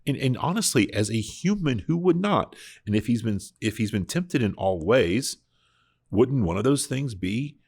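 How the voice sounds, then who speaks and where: A man's voice: mid-range voice, expressive, normal speed, darkish tone, husky. A man hosting a casual Bible discussion podcast, talking earnestly and reflectively, often restarting his sentences. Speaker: podcast host.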